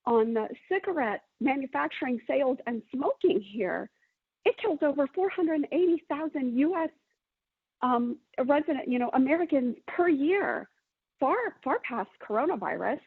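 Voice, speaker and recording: A woman's voice: high-pitched, sing-song, moderate pace, gravelly, no room sound. A woman giving an emotional, pleading public comment at a council meeting. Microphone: phone call. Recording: tinny phone line.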